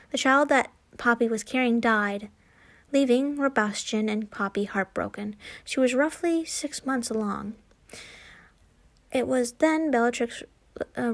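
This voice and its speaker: A woman's voice: on the high side, vocal fry. A woman reading a fan fiction story aloud, stumbling and restarting often. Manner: halting, frequent slips and restarts. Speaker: fanfiction reader.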